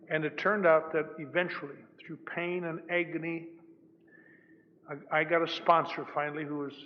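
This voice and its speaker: An older man speaking at a recovery meeting, telling his story with wry, self-mocking humor. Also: a little high. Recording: dull old hall recording, faint hiss.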